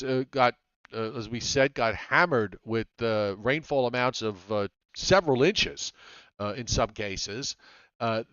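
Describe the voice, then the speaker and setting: A man hosting a live weather show, talking in a relaxed way with many fillers. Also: medium pitch, clean tone, no echo, highs cut off. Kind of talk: live weather broadcast chat.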